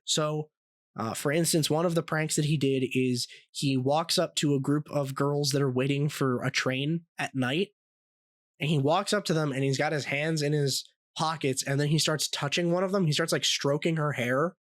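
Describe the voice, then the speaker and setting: A young man co-hosting a podcast, telling stories in a casual, animated way with plenty of swearing and laughter. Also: a little high, normal speed, no echo. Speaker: podcast co-host.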